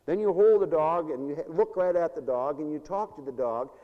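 High, lively preacher in an echoey hall. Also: male voice, fairly quick, dull audio. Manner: animated, folksy storytelling. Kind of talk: sermon.

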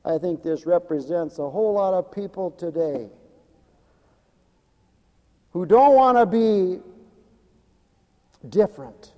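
A man with a high voice delivers a slow, deliberate sermon. He swings dramatically between loud exclamations and hushed asides. A long reverb trails his words, as if he is in a large hall. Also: expressive, highs cut off. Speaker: preacher.

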